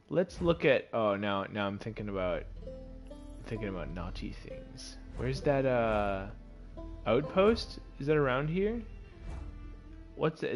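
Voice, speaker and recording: A man streaming himself playing a game, commenting casually and swinging from loud outbursts to quiet muttering. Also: medium pitch. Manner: excitable, swings from yelling to muttering.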